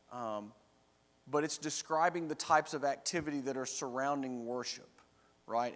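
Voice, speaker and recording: A man's voice: medium pitch, fairly bright tone. Man teaching a church Bible class. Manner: explains verse by verse, checks in with the class with "right?". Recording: long reverb of a church room.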